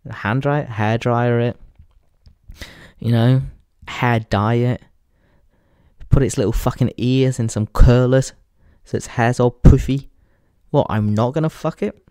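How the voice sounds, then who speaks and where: Crude rambling English podcaster. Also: male voice, mid-range voice, a little slow, long pauses, mellow, clean tone, no room sound, studio quality. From England. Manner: crude, rambling, laughs at his own jokes. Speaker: podcast host. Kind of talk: casual comedic monologue.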